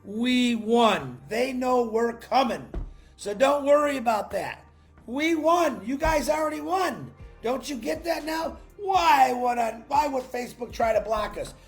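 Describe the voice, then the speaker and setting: A man hosts a solo livestream, pumping up his viewers with an excited, salesy pep talk that breaks into shouts. His voice sits very high and has a gravelly rasp. He talks into a laptop mic with faint music playing behind him. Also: measured pace. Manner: greets viewers by name from the chat. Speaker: livestream host.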